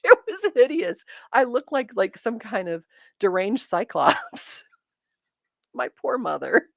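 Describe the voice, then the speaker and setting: A woman's voice: medium pitch, animated, slow, creaky, dry recording, studio quality. A woman in her fifties from Michigan, hosting a casual livestream, reading viewer comments and telling childhood stories, laughing often. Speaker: livestream host reading chat. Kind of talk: casual chat.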